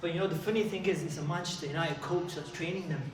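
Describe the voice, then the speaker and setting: A man giving a lively talk to children at a mosque, acting out little dialogues and asking them questions. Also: fairly high pitch, fast talker. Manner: playful, acts out dialogues, asks the kids questions. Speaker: youth speaker at a mosque. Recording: echoey hall, mic from a distance, audience noise.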